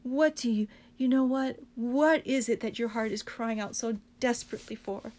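A woman's voice: fairly high pitch, moderate pace, darkish tone. A woman preaching a sermon with passion, hammering her points home through repetition. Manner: impassioned, emphatic repetition.

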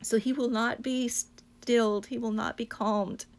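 A woman's voice: on the high side, fairly even intonation, a little slow. A woman preaching a sermon with passion, hammering her points home through repetition. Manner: impassioned, emphatic repetition.

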